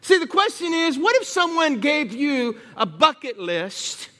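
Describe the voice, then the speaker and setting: A high-voiced man preaches a sermon in church. He calls out to the congregation as he makes his points. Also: very animated, measured pace, bright, forceful tone.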